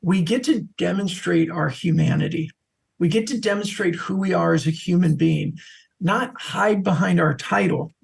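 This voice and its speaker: A middle-aged man, a social selling expert, telling lively stories as a podcast guest. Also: high-pitched, normal speed, creaky. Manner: animated anecdotal storyteller. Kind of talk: podcast interview storytelling.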